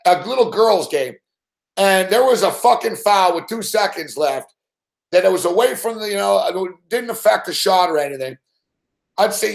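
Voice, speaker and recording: A man's voice: sits high, vocal fry. A young man hosting late-night sports betting commentary, ranting angrily and swearing at a referee. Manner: profane angry ranting.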